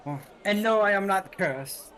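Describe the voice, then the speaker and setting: A man's voice: sits high, lively intonation, a little slow, a bit bright, a faint crowd. A man playing a polite, formal demon-looking male adventurer in a tabletop game. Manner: formal, courteous.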